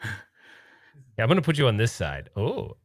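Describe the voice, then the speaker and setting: A man's voice: mid-range voice, unhurried, no echo, clean studio sound. A man hosting a late-night livestream from home, chatting casually, joking and laughing while trying to keep his voice down. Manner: laughing, joking, excitable but hushed. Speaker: livestream host.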